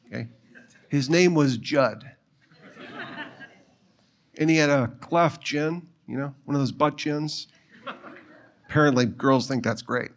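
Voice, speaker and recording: A middle-aged male pastor preaches a sermon, sharing a personal story and firing quick questions at his listeners. His voice is a little high.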